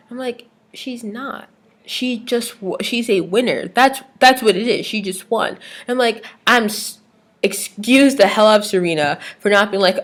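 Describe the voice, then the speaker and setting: A young adult woman ranting casually to her camera, animated and exasperated, full of slang and filler words. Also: medium pitch, normal speed. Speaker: vlogger.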